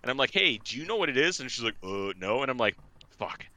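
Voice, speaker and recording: A man with a bright, forceful voice chats casually and tells a story with plenty of swearing. He acts out each exchange in quick quoted bits. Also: medium pitch, big pitch swings, muffled recording. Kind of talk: casual chat.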